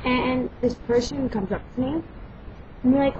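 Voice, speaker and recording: A young woman chats on a home vlog in a loud, brash way, cursing freely as she rambles through her stories. Her voice sits a little high. The recording is dull and lo-fi, with clear noise underneath. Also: fairly even intonation, moderate pace. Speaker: vlogger. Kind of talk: casual chat and storytelling.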